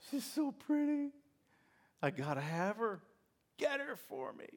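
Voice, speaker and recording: A man voicing a lovestruck, demanding young strongman in a sermon story, dreamy and drawn-out. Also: very high voice, very animated, heavily acted. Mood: infatuated.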